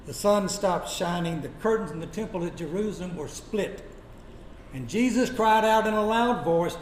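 High-voiced preacher in an echoey room. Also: male voice, lively intonation. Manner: dramatic, slows down and drops to a hush for quoted lines. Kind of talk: sermon storytelling. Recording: echoey room with faint noise.

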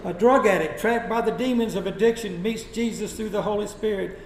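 A man preaching a sermon, telling Bible stories dramatically and dropping to a hush for quoted lines. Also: high-pitched, brisk. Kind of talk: sermon storytelling. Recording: echoey room with faint noise.

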